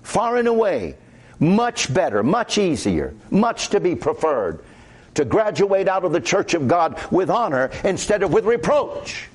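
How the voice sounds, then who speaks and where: A man's voice: sits high, big pitch swings, measured pace, breathy edge. A man with a Midwestern American accent preaching a sermon as pastor, conversational and quoting scripture aloud.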